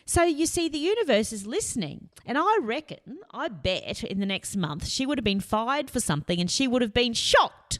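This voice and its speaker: A woman giving a lively motivational talk, telling stories and putting on voices. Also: a little high, normal speed. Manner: lively, storytelling with put-on voices. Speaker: motivational speaker.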